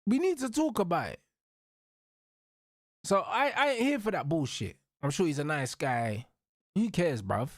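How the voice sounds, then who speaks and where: Recorded dry and at studio quality, a young watch-along host with a fairly high voice rants hotly about football. He's profane and slang-heavy, tacking bro, bruv or blood onto the end of every line.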